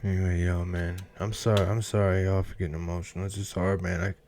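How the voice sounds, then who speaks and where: A man hosting a reaction video, talking casually in a halting, emotional way and filling his talk with "man". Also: low-pitched, level tone, darkish tone, faint music behind.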